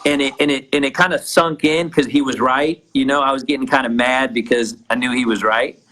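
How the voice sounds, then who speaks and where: A man's voice: medium pitch, steady tone, fairly quick, sharp tone, poor audio. A man, a guest entrepreneur, casually telling a personal story with many restarts.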